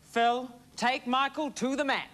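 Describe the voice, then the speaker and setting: A woman announcing prizes in a measured, commanding way as the chief of a game show. The recording is an old tape with clear hiss and noise. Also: high voice, fairly even intonation.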